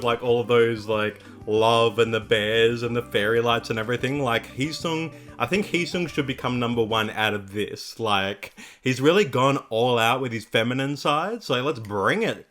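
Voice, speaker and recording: A man's voice: medium pitch, a bit bright. Upbeat young man gushing over videos. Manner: gushing, upbeat, heavy use of "like". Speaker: K-pop reaction video host. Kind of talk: casual reaction commentary.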